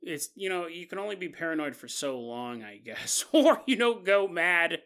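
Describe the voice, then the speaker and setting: A man hosting a podcast, telling a spooky story in an animated, conversational, jokey way. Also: fairly high pitch, normal speed, clear, resonant tone. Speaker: podcast host. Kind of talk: storytelling narration.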